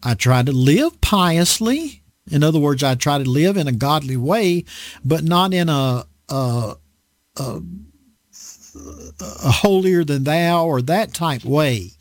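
A man's voice: on the high side, expressive, slow pace, no room sound. A man preaching a conversational Bible sermon in a dry indoor room, self-deprecating and acting out voices as he teaches.

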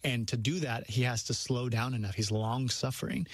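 A man's voice: mid-range voice, fairly even intonation, slightly rough, dry recording, studio quality. A man speaking as a guest in an earnest, preacherly way about faith and being a dad. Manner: earnest, preacherly, quick bursts of speech. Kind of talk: earnest faith-based conversation.

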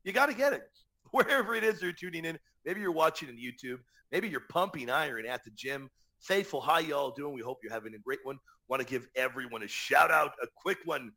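A man hosting a live Catholic radio show, talking energetically and emphatically, with slangy shout-outs to listeners. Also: a little high, animated, a little fast.

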